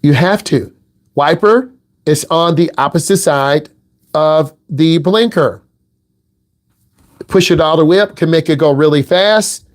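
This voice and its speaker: A middle-aged Midwestern driving instructor gives a lesson in casual talk, blunt, teasing and direct. His voice is a little high, and he keeps a measured pace with long pauses.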